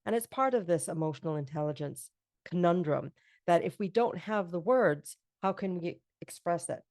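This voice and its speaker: Low gravelly-voiced woman podcast host. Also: lively intonation, normal speed, a little mellow, no room sound, clean studio sound. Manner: earnest, affirming, talks in long reflective runs. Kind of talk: casual interview chat.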